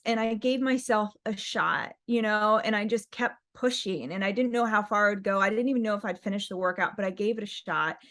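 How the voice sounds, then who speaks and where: A woman's voice: medium pitch, fairly quick, few pauses, a bit bright. A woman, a professional marathon runner, answering interview questions in an earnest, encouraging way with many fillers. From United States. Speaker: guest, pro marathon runner.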